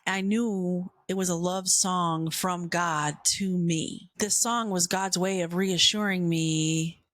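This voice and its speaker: Slow, soft-spoken woman podcast host. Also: lowish voice, fairly even intonation, dry recording, clean studio sound. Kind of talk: reflective faith talk.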